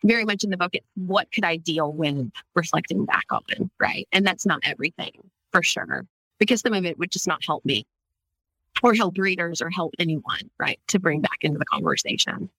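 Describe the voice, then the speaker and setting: A woman's voice: lowish voice, lively intonation, normal speed, bright, forceful tone, no room sound, low-quality recording. A woman giving a radio interview as an author, speaking candidly and filling her sentences with "like" and "right?". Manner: candid, fills speech with "like" and "right?".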